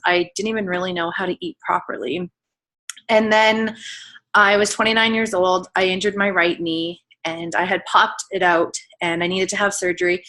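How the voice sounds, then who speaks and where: A woman's voice: lowish voice, fairly bright tone, poor audio. A woman in her thirties telling her own story on a team call, candid and emotional, chatty with lots of filler words. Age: 30s. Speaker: guest telling her weight-loss story. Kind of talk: personal testimonial on a team call.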